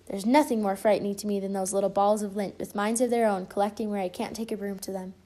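A woman's voice: medium pitch, fairly even intonation, fast talker, warm tone, lightly acted. A woman voicing a fussy, particular male rabbit in a read-aloud storybook. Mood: fretful. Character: fussy male rabbit, proud of his costume.

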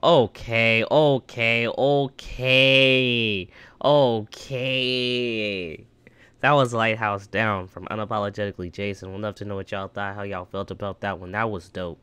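A man's voice: fairly low pitch, fairly even intonation, fast talker, hardly any pauses, sharp tone, clear, resonant tone, no room sound. A man hosting a reaction video, casually and thoughtfully breaking down what he watches point by point, with a song playing faintly underneath. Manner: reflective, breaks down visuals point by point.

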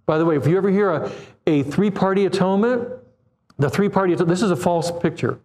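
High-voiced preacher in his seventies. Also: fast talker. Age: 70s. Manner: animated, acts out quoted voices, asks the congregation questions. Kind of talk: sermon.

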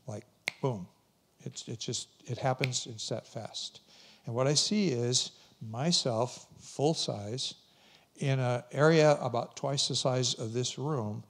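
An older male pastor speaking at a conference, with a voice of middling pitch. He tells his story in a relaxed, conversational way and keeps the anecdote lively as he goes. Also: creaky.

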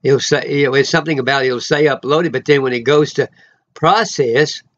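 A man giving an informal, rambling sermon he records himself, full of emotional asides and sudden loud exclamations. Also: mid-range voice, normal speed, highs cut off. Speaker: preacher.

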